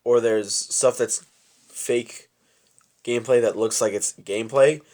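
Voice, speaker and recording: A young man co-hosting a podcast in casual chat, telling stories haltingly and swearing a lot. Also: mid-range voice, fairly even intonation, darkish tone. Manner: profane, halting, drawn-out storytelling. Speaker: podcast co-host.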